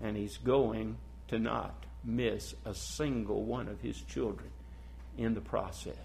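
A male preacher delivering a sermon, asking the listeners questions and swinging from loud, emphatic declarations to hushed, intimate passages. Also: fairly low pitch, steady tone, takes it slowly, gravelly, a little hiss or hum. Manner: asks the congregation rhetorical questions.

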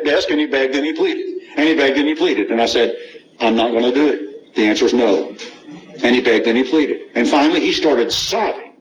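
A man's voice: mid-range voice, rough recording. A middle-aged man, preaching a sermon, reading scripture with emphasis and asking the congregation rhetorical questions.

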